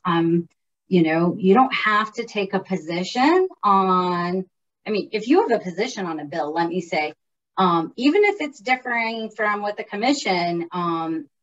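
A woman's voice: on the low side, far from the mic, lo-fi sound. A woman who directs public policy, chatting informally about the legislative process with many fillers and restarts. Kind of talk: casual informational chat.

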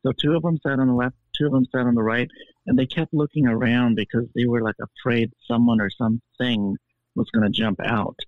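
A man spins a story in a flamboyant, theatrical manner, his voice thin and tinny as if coming through a phone line. The sound is dry, with no room around him, and his pitch sits at an ordinary middle for a man. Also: steady tone, brisk, no echo. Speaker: podcast guest. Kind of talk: animated storytelling.

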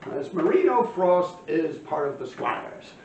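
A man's voice: a little high, very animated, a little slow, a little mellow, a little hiss or hum. Streetwise New man in his fifties. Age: 50s. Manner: streetwise, profane, rambling with frequent fillers. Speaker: storyteller. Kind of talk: casual storytelling. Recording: echoey, distant, muffled room recording with faint ambience.

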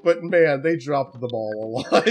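A let's-play host chats through a game with frequent laughs. The voice moves with a lively, animated pitch. Faint music plays under the talk. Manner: laughing, chatty. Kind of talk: casual gaming commentary.

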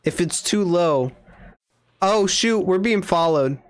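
A streamer playing a horror game with a friend, excitable and jokey in casual chat. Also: mid-range voice, slow pace, clear, resonant tone. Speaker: gaming streamer. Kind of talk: casual gaming livestream chat.

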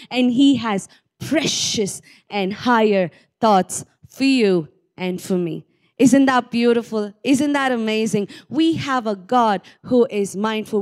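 A woman preaching a sermon, earnest and rising to fervent exhortation. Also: high-pitched.

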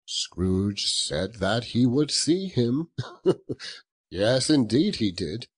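A man narrating a storybook in a slow, expressive, chuckling way. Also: medium pitch, slightly rough. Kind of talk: audiobook narration.

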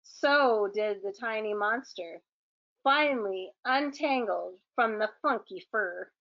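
A woman reading a children's book aloud in a gentle, expressive storytelling manner. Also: mid-range voice, takes it slowly, lo-fi sound.

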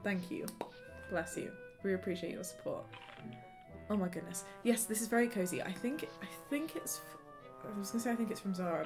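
A woman's voice: mid-range voice, expressive, fairly quick. A young woman chatting bubbly and casual with viewers during a live gaming stream at home, greeting them by name. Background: game music.

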